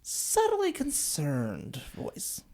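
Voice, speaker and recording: A woman co-hosting a podcast in casual chat, expressive and recounting scenes. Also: medium pitch, extremely slow. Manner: expressive, swings into voices for quotes. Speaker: podcast co-host.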